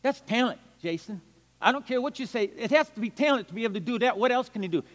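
An older man with a high voice preaches as a missionary evangelist, telling stories with animated swings from loud bursts down to hushed murmurs. His voice carries a long reverb, as if spoken in a large hall. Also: quick pace. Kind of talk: storytelling sermon.

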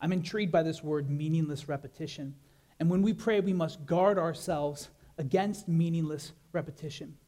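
Man, high voice, pastor's sermon, animated preaching, rhetorical questions. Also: moderate pace.

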